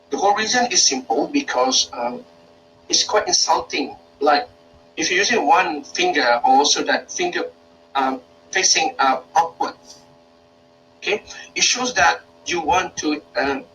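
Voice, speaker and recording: A Malaysian man talks through a workshop with a bright, slightly high voice, pausing often and restarting his sentences. He sits some distance from the mic, and a faint background hiss sits under the speech. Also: lively intonation. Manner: hesitant, many fillers and restarts. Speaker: university lecturer. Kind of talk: informal workshop talk.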